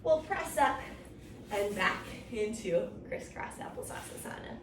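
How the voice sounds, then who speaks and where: A woman's voice: mid-range voice, sing-song, unhurried. Bouncy woman doing kids yoga, silly sound effects, far off mic with a bit of background hiss. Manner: encouraging, playful, makes silly animal sounds. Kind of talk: guided children's yoga story time. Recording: roomy, from a distance, faint noise.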